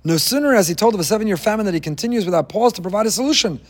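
A man with a high-pitched voice teaching a weekly Torah class, dropping in wry jokes and asides. His words ring out with a long reverb, as in a large hall. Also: lively intonation, very fast.

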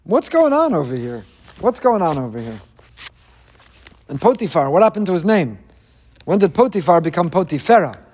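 A man with a high-pitched voice teaching a weekly Torah class, dropping in wry jokes and asides. His words ring out with a long reverb, as in a large hall. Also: sing-song, moderate pace, long pauses, a little mellow, slightly rough.

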